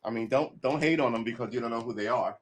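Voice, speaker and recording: A man's voice: medium pitch, quick pace. A man casually commenting on an old movie during a livestream, talking in a rambling, chatty way and often stopping to correct himself. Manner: rambling, chatty, self-interrupting. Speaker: livestream host.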